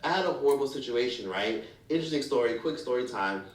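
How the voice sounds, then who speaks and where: A man's voice: medium pitch, expressive, quick pace, far from the mic. Man, commentary YouTuber, frank and foul-mouthed storyteller, echoey room, set back from the mic. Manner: candid, profane and blunt.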